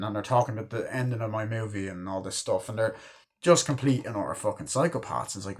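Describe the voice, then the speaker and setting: A man's voice: on the low side, lively intonation, fast. A young man casually reviewing a film, rambling with lots of fillers and frequent swearing. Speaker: movie reviewer.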